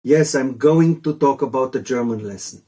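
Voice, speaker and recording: Mellow-voiced man teaching casually. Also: medium pitch, moderate pace, husky. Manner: rambling, chatty, jokey asides. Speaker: language teacher. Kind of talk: casual video lesson.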